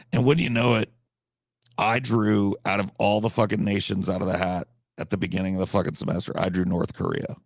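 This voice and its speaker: A man's voice: on the low side, fairly even intonation, moderate pace, long pauses, dry recording, clean studio sound. A man telling a rambling comic story in a casual, profane, conversational way. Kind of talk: comedic storytelling.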